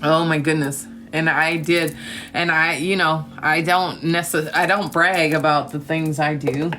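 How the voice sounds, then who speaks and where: Bright-voiced woman live-streaming. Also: low voice, steady tone, a little slow. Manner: effusive, calls viewers honey and darling; spiritual talk of gratitude and trust. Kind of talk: casual live-stream chat with viewers.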